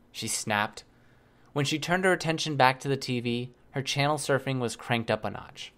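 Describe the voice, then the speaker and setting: Guy reading an audiobook, mid pitch, calm even narration. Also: normal speed. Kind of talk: first-person novel narration.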